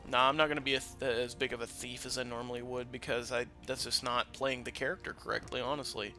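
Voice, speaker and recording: A man hosting a let's play with casual, crude commentary, swinging between loud excitement and quiet asides. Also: medium pitch, fast, faint music behind. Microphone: desk microphone that peaks. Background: game audio.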